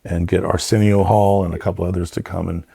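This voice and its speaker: A man's voice: low voice, level tone, quick pace, gravelly, breathy edge, no echo, studio quality. A middle-aged man, a production designer, chatting as a guest and telling rambling stories full of fillers. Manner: rambling, warm storytelling with many fillers. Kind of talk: casual interview chat.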